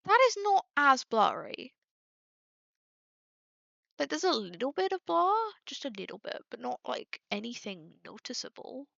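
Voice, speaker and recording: Creaky, bright-voiced young woman streamer. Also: sits high, very animated, unhurried, no room sound. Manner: exasperated, swearing, talking to chat. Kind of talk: casual livestream chat. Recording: dull lo-fi dry mic.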